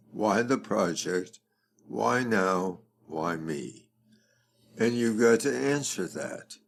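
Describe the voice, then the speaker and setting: An older man, a fundraising expert, talking slowly and deliberately as a guest in a conversational interview. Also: on the low side, a little mellow.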